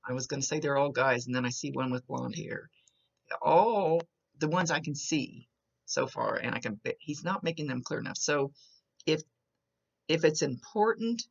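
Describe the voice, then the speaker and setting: A woman's voice: low voice, normal speed, gravelly, lo-fi sound. A woman psychic medium talking through a reading to a client in a chatty way, describing what she sees as it comes, often restarting her sentences. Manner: chatty, describing visions as they come with restarts. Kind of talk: recorded reading monologue to a client.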